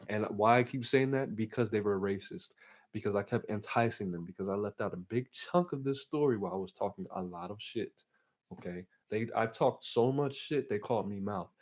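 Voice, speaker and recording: A man's voice: lowish voice, darkish tone. A man telling a rambling, profane story as he casually talks to his viewers. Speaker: channel host.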